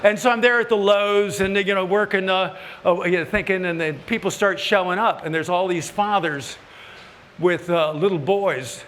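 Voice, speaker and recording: A man, a woodworking TV host, telling folksy, joking stories to a live audience, his voice climbing high when he gets worked up. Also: steady tone, normal speed, a bit bright. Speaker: woodworking TV host giving a stage talk. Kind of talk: humorous storytelling to a live audience. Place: large hall at a woodworking event. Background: audience laughter.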